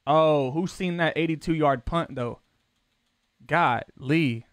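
A man's voice: a little high, slow, no room sound, clean studio sound. Slangy, profane male gaming streamer. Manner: loose, slangy and profane, voice jumping up when he gets defensive. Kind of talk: casual live-stream chat with viewers.

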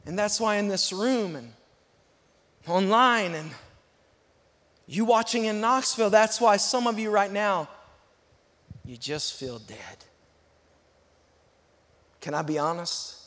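A man preaching a sermon as a guest pastor, with emphatic repeated refrains and sudden loud peaks. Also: sits high, unhurried, long pauses. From Texas. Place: church auditorium. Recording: long reverb of a church hall.

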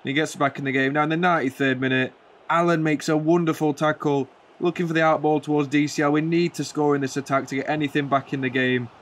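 A man's voice: on the high side, fairly even intonation, fast, a bit bright. Jokey man commentating a football video game. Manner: jokey, rambling, mock-commentator flourishes. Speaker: gaming channel host.

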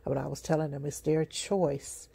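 Street preacher, sleepy, yawning, gravelly fry, dark mellow tone, halting rambling testimony. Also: mid-range voice, steady tone, no echo. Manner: repetitive, halting, many fillers and restarts.

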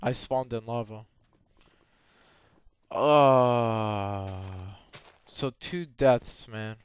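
A young man giving game commentary, excitable, often yelping and screaming when in danger. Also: mid-range voice, extremely slow, clear, resonant tone. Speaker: gameplay commentator.

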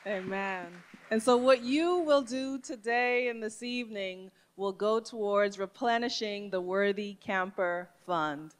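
A woman hosting a church service, introducing a guest and calmly inviting people to give an offering. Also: medium pitch, a little slow, few pauses. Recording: long hall reverb.

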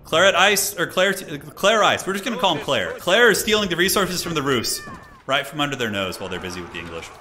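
A man giving casual, excitable live commentary on a strategy game tournament, chatting with his stream viewers as he goes. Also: fairly high pitch, fast talker. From United States. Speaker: tournament caster.

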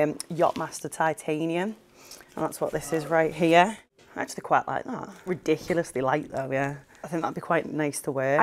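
Low-voiced woman unboxing a watch. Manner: friendly, chatty. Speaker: watch dealer staff. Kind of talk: unboxing to camera.

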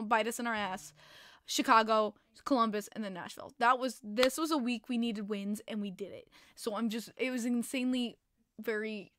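Excitable New York woman streaming. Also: fairly high pitch, dry recording. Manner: excitable, profane, laughs often. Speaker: podcast streamer host. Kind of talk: casual live-stream chat.

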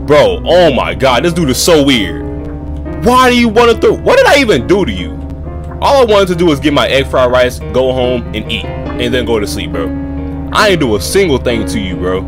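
A man commentating on a horror game in loose, slangy talk, his pitch swinging all over the place as he reacts. He jumps between a calm reading voice and loud outbursts. Faint music plays behind him. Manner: reads game dialogue aloud in a lower voice, then reacts loudly; casual slangy chatter. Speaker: gaming YouTuber.

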